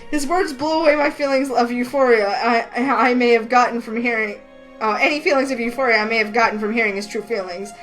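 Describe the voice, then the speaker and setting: A woman reading a romance game aloud in a lively, excitable way, with faint music behind her. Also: a little high, brisk, low-quality recording. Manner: lively, excitable, voices the heroine with outbursts. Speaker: gaming channel host reading a visual novel.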